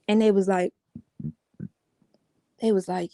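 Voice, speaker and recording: A woman's voice: mid-range voice, steady tone, brisk, warm tone, dry recording, clean studio sound. A woman giving an emotional personal account as an interview guest, talking casually and repeating herself. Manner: casual, repetitive, restarts often, says "yo".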